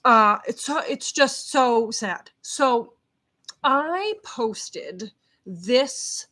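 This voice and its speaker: A middle-aged woman, a behavior consultant, talking casually to her camera in a feisty, loud, fired-up way. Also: on the high side, animated, drawn-out words. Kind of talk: casual vlog talk to camera. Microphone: camera set up at home.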